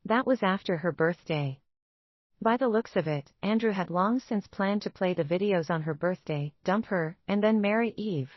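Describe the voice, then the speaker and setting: A woman giving scripted romance narration in an even, steady reading. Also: mid-range voice, moderate pace, no echo, highs cut off.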